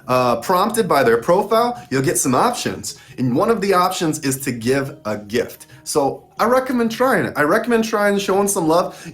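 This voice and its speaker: A man hosts a live-stream interview show with eager, chatty energy. His voice sits a little high for a man, and he laughs easily between questions. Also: a bit bright. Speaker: host.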